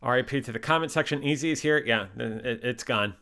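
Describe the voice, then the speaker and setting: A man's voice: medium pitch, fairly quick, bright, forceful tone. Joking man reading out live chat comments. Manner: jokey, reads out viewer comments. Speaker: host. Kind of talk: casual livestream chat.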